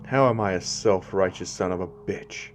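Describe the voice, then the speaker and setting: A man voicing a calm, cold, self-righteous official who speaks quietly in a fan-made story. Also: low-pitched, normal speed, soft background music, natural voice.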